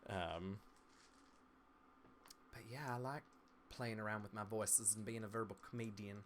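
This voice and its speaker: Chatty man with crisp stage diction. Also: fairly low pitch, fairly even intonation, a little slow, a bit bright, slight background noise. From Southern United States, East Tennessee. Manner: chatty and playful, laughs easily. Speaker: streamer and game master. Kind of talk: casual live-stream chat.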